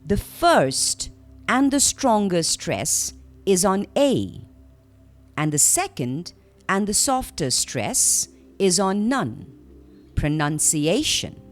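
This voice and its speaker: Slow-spoken woman teaching a lesson. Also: medium pitch, very animated, soft background music. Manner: clear, measured teaching delivery. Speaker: trainer. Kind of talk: scripted online lesson.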